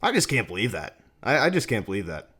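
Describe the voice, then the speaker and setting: A man hosting a fan sports channel, breaking down game replays in an exasperated, repetitive way, his pitch jumping up in disbelief. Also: sing-song, fast, a bit bright, husky.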